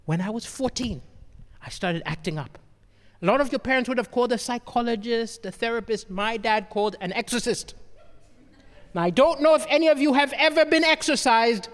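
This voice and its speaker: On a comedy stage, a man from Malawi performs stand-up, telling stories and checking in with the audience, animatedly asking "right?" His voice is extremely high and a bit fast, with the long reverb of a hall around it.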